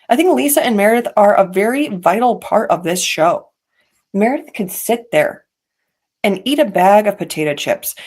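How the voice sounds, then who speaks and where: A woman hosting a podcast, chatting in a casual, opinionated way and dropping petty asides. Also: mid-range voice. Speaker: podcast host. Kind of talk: casual reality-TV gossip commentary. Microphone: podcast mic.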